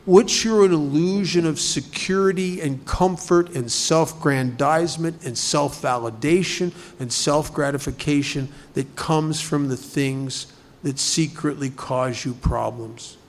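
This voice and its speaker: A man speaking at a recovery group study, talking conversationally and asking many rhetorical questions. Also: a little high. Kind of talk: recovery talk.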